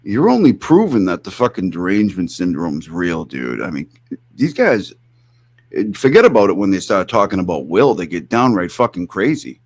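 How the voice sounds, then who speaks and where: A man's voice: low voice, very animated, normal speed. A man streaming live, reacting to clips with mocking, profane, incredulous commentary.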